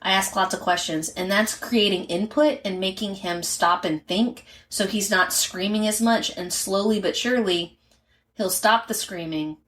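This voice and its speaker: A woman's voice: mid-range voice, normal speed, a bit bright. A woman co-hosting a podcast about parenting, earnestly explaining things step by step in casual chat. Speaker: podcast co-host, mother.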